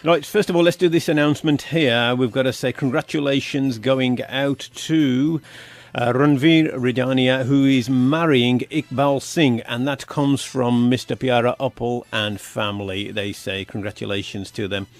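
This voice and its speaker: A man's voice: medium pitch, fairly even intonation, moderate pace. A man hosting a radio show, telling stories and laughing at his own jokes. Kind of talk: casual storytelling chat.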